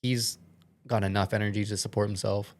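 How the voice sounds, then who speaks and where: Young guy on a podcast, kinda low voice, lots of "like", swears, tells it all earnest and shaken. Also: level tone, brisk. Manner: rambling, heavy use of filler words and swearing. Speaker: podcast guest. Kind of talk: casual storytelling.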